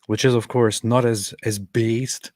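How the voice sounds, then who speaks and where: A male host chatting casually in a measured, somewhat hesitant way. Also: medium pitch, steady tone, a little mellow, no echo. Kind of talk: casual chat.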